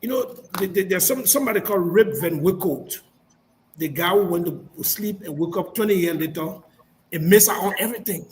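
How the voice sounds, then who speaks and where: A man's voice: sits high, fairly quick, a little hiss or hum, poor audio. A man arguing defensively and insistently on a heated live panel show, repeating himself to make his point. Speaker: panel guest.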